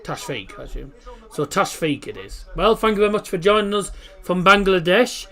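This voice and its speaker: Man, casual live stream host, chatty, reads lineups and chat, fairly high voice. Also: very animated, normal speed, a bit bright.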